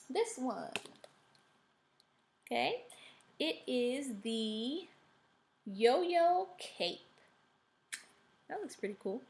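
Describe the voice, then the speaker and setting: A woman's voice: sits high, slight background noise. A woman teaching a recorded reading lesson to students. She is upbeat and checks in with "okay" after most steps.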